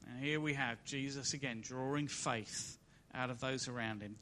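A man's voice: mid-range voice, steady tone, moderate pace, few pauses, a bit bright. A man preaching a sermon, reading scripture aloud and building each point with rising and falling emphasis. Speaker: pastor.

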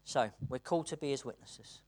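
A British preacher delivering a sermon, earnest, moving between hushed and excited passages and laughing between points. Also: mid-range voice, brisk. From Britain.

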